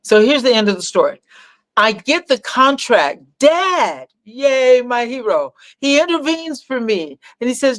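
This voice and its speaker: A woman's voice: on the high side, a little slow, no room sound. An older woman telling a family story in a casual conversation with her son, acting out the people she quotes. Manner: animated storyteller, acts out quoted voices. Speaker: guest, mother of the host.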